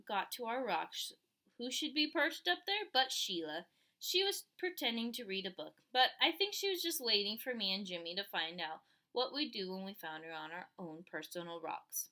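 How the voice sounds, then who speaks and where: Animated woman reading a children's book. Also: a little high, moderate pace. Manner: animated storytelling with voiced characters. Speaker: audiobook reader. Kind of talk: reading a children's novel aloud.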